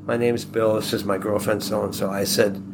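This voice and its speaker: A man's voice: lowish voice, flat delivery, normal speed, background noise. Rambling man acting out a story. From Buffalo, New York. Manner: rambling, acts out quoted dialogue. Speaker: guest telling a personal story. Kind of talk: casual anecdote telling.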